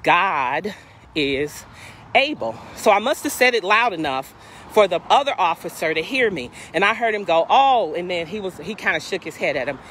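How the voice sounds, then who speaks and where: A woman's voice: on the low side, normal speed, a little hiss or hum. A woman in her fifties, a life coach, telling a personal story in a casual testimony style and acting out the dialogue in different voices. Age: 50s. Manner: animated, acts out dialogue in voices. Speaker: life coach and inspirational speaker.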